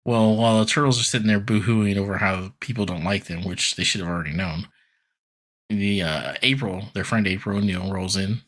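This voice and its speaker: A man's voice: on the low side, steady tone, brisk, a bit bright. A man co-hosting a podcast, chatting through a casual cartoon episode recap and laughing often. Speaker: podcast co-host.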